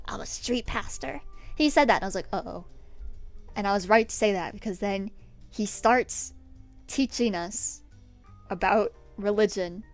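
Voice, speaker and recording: High-voiced woman telling stories animatedly. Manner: animated, swears freely, laughs often. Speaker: streamer. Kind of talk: casual storytelling chat on stream.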